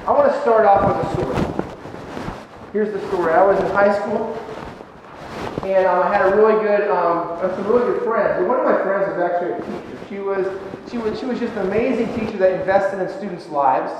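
A man's voice: high-pitched, fairly quick. Man preaching in an echoey church hall. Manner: conversational, animated, with many fillers and restarts. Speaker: pastor. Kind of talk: sermon storytelling. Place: church sanctuary. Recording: echoey church hall, dull sound, faint noise.

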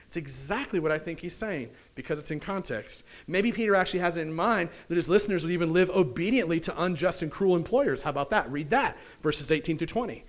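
A pastor preaching a conversational sermon in church, often putting questions to the congregation. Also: male voice, on the high side, animated, fast talker, hardly any pauses, a bit bright. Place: church sanctuary.

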